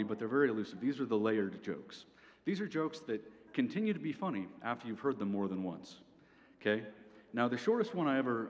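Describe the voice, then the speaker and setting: A young man giving a comic presentation at an event, with a dry delivery that tags his points with "okay?". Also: medium pitch. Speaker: speaker at a student event. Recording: reverberant hall, faint background noise.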